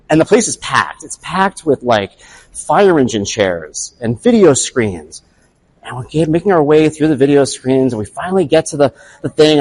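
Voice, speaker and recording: A man talks through a family story in an easy, conversational way. His pitch rises and falls a lot, and he jumps into little quoted voices for his own past thoughts. His pitch sits in an ordinary middle range for a man. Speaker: father telling a personal story. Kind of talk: casual storytelling.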